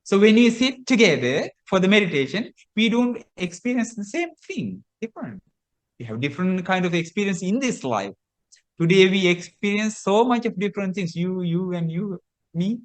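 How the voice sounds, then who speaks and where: A man, a Buddhist monk, telling a teaching story in a sermon, slow and repetitive with hesitant restarts. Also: high voice, lively intonation.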